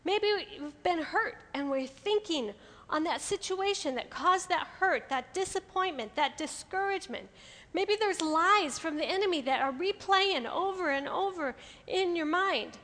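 High bright-voiced woman preaching. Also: measured pace, long reverb tail. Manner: lively, acts out inner voices with humor. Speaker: women's ministry speaker. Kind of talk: sermon. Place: hall with an audience.

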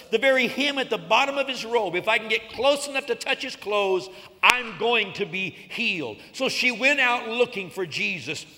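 A man preaches with a high, bright voice that rings out, retelling stories with dramatic rises and sudden hushed drops. His sermon carries the long reverb of a large hall. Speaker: pastor.

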